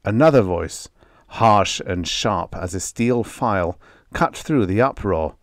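A man narrating a vintage horror short story in a measured, expressive style. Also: sits low, no echo, clean studio sound. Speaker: audiobook narrator.

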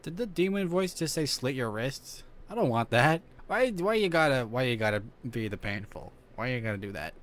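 A man streaming a horror game, talking to himself, swearing and yelling at the game as he plays. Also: mid-range voice, big pitch swings, normal speed, hardly any pauses. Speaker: gaming streamer. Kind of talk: let's play commentary.

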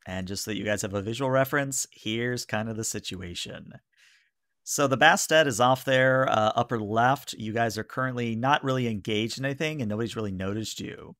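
A man's voice: medium pitch, brisk, a bit bright, no room sound, clean studio sound. A man running a tabletop game as game master, narrating casually with many fillers.

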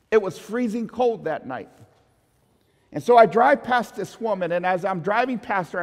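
A male pastor with a high voice tells a story from the pulpit and throws rhetorical questions at the congregation. His voice carries with long reverb through the church hall. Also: a little fast, a little mellow. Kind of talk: sermon with storytelling.

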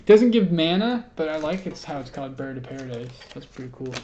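A man chatting casually while opening trading cards, stumbling as he reads card names and rules aloud and dropping the odd curse word. His voice sits at an ordinary pitch. The recording is a bit muffled, with a faint hiss underneath. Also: animated, a little fast, dark tone. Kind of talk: casual unboxing chat.

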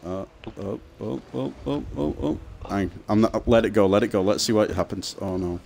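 A man, streaming a game and chatting casually, excitable and swearing a lot as he plays. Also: fairly low pitch, moderate pace, creaky, a little hiss or hum. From Manchester, England. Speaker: gaming streamer. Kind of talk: casual gaming chat.

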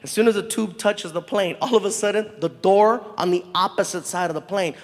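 A man telling a stand-up story in an animated way, acting out the people in it. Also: sits high, brisk, in a large hall. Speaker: stand-up comedian.

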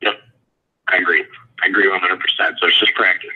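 A man of about fifty calling in for dating advice, talking fast and nervously. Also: low-pitched, flat delivery, breathy edge. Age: around 50. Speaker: caller. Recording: muffled phone line.

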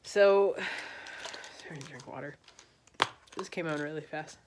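A woman's voice: deep voice, slow, slight background noise. A tipsy woman telling a history story in a rambling, slangy, loose way. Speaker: vlogger.

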